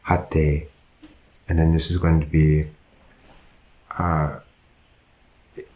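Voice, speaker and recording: A man's voice: rumbling low, echoey room. A man, a monk, teaching a language lesson, who goes through example sentences patiently and often corrects himself. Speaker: Buddhist monk teaching Pali.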